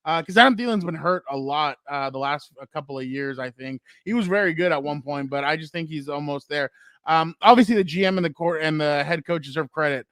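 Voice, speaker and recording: A San Diego–area man co-hosts a podcast, rambling through football stories and opinions with fillers and asides in a casual sports chat. His voice is a little high, brisk, and a bit bright, recorded dry with a clean studio sound.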